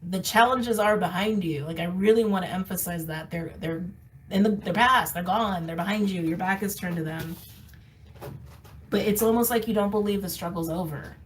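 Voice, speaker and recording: A woman's voice: mid-range voice, moderate pace, distant mic, slight background noise, rough recording. A woman giving a casual tarot card reading, candid and emphatic, often laughing and repeating phrases for emphasis. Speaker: tarot reader. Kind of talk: casual intuitive reading to camera.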